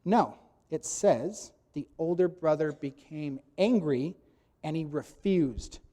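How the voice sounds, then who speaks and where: Male preacher mid-sermon, emphatic teaching voice sitting a bit high, bursting loud on quoted lines. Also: expressive, slow.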